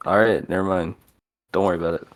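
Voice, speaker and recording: A man's voice: sits low, steady tone, quick pace, slight background noise. A man, a player in a tabletop game, joking loosely. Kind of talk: casual tabletop game chat.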